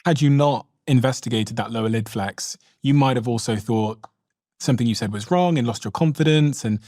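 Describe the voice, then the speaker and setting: A man's voice: medium pitch, fairly quick, a little mellow, no room sound, studio quality. A man hosting a podcast interview, reflecting on the guest's point in a conversational way. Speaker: podcast host.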